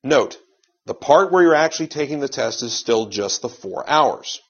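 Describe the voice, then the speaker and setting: A man's voice: medium pitch, expressive, normal speed, breathy edge. A man giving an exam-prep lecture in a conversational, advisory way. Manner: conversational, advisory, with frequent uh fillers. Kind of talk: lecture with slides. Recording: dull lo-fi audio.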